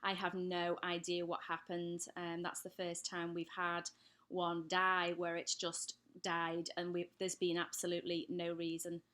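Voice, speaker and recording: Her voice sits lowish and stays monotone, measured in pace and a touch bright. An English pet channel host from England, she live streams from a home lit by daylight, reading viewer comments out loud and replying to them.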